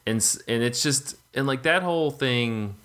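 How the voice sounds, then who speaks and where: A man's voice: mid-range voice, moderate pace, a bit bright. A man in casual film talk on a podcast, rambling with lots of fillers, restarts and swearing. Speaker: podcast co-host.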